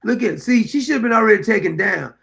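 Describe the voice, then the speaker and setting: Gravelly high-voiced man, blunt and mocking. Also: animated, fast talker, a loud crowd, very noisy. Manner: blunt, mocking, laughs at the clips. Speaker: commentary show host. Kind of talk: reacting to news clips.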